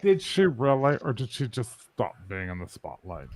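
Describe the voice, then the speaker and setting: Animated exclaiming man. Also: mid-range voice, normal speed. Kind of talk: casual banter among friends.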